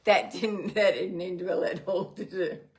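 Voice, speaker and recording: A woman's voice: on the low side, unhurried, crowd noise. A woman co-hosting a casual travel chat, teasing her friend and laughing often. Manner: giggly, teasing. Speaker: co-host.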